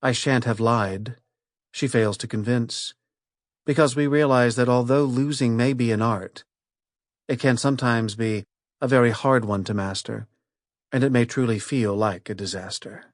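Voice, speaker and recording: Male narrator, middle pitch, steady and clear for nonfiction; dry booth, close mic. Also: dry recording. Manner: measured, clear reading of lists and points. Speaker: audiobook narrator.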